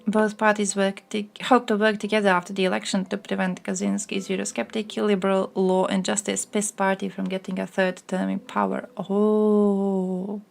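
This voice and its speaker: A young woman streams live, chatting casually and reacting to news and chat messages. Her voice is gravelly, with a mid-range pitch. She is crude and loose, laughing often as she goes. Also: level tone, normal speed. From the Balkans. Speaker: livestreamer.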